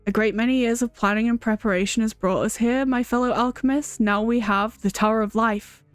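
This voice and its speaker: A woman's voice: on the high side, steady tone, a little fast, no room sound, faint music behind, natural voice. A woman voicing a pompous, self-satisfied male alchemist, reading game dialogue aloud in a grandiose, declamatory way.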